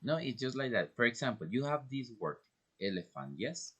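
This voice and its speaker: A man's voice: medium pitch, big pitch swings, normal speed, a bit bright, husky. A man teaching English pronunciation, patiently explaining step by step with examples. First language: Spanish. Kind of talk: online English pronunciation lesson.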